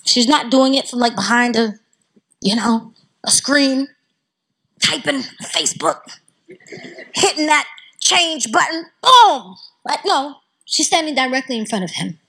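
A woman with a Southern US accent tells a religious story. Her voice sits high and sounds a little husky. She is animated and acts out the voices of the people in the story. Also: unhurried, long pauses, low-quality recording. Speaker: religious speaker. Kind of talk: Islamic storytelling talk.

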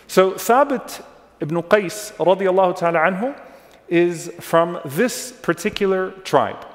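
A man delivering a religious lecture in a large hall, his voice slightly higher than usual for a man and trailing off in a long reverb. He explains step by step, repeats key names and checks in with his listeners. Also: lively intonation, a little slow. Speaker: Islamic lecturer. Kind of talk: religious lecture on early Islamic history.

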